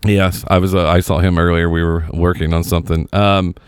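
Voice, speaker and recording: A man with a lowish, smooth and resonant voice chatting casually on a podcast. He tells stories freely, swears often and acts out what other people said. The sound is close and dry, with no room around it. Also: fairly quick, no echo. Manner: animated storyteller, swears freely, acts out quoted texts. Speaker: podcast co-host. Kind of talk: casual chat.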